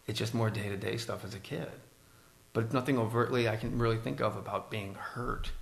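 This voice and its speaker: A man's voice: on the low side, steady tone, fairly quick, creaky, echoey room. A man hosting a podcast as a stand-up comedian, talking in a blunt, teasing way and swearing freely. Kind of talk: casual conversational podcast.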